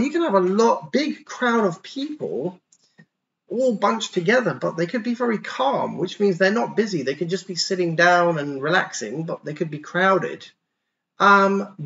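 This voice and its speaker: Gravelly-voiced man teaching young kids. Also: high voice, lively intonation, fairly bright tone, highs cut off. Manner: patient, slow, over-articulated pronunciation demos. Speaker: English teacher for young children. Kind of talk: online class for kids.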